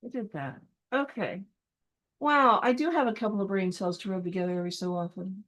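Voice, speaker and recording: A woman's voice: mid-range voice, fairly quick, a bit bright, low-quality recording. A woman organizing a film event, thinking aloud as she works and mumbling half-finished counts to herself. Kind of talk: thinking aloud while working.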